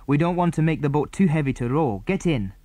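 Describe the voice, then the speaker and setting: A man voicing a steady older boy who leads the others, firm and decisive. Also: a little high, fairly quick, no echo, pitched above the performer's own voice, lightly acted.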